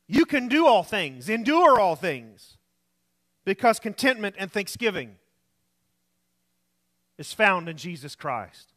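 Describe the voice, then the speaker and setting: A man preaching a sermon, telling a story and dropping to a soft voice for emphasis. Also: high-pitched, sing-song, takes it slowly, long pauses. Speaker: pastor. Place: church.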